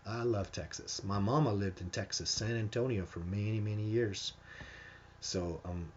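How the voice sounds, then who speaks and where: A man's voice: lowish voice, moderate pace, highs cut off, a little hiss or hum. A man hosting a live stream, answering viewer questions in a casual, emphatic way and often restarting his sentences. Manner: emphatic and animated, with frequent restarts.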